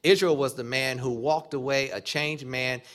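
A man delivers an animated sermon in a church or conference hall. His voice sits in an ordinary middle range, and he moves between building emphasis and quiet asides as he acts out short quoted exchanges. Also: mid-range voice, normal speed. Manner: animated preaching, acting out quoted dialogue. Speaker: preacher.

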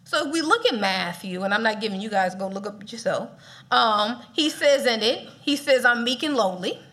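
A woman's voice: on the high side, expressive, moderate pace, a bit bright. A woman preaching a casual, playful sermon, laughing often as she talks.

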